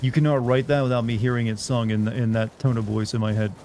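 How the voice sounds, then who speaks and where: A man's voice: medium pitch, flat delivery, quick pace, background noise. A man giving casual, rambling live commentary while streaming a video game. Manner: rambling and chatty, full of "like".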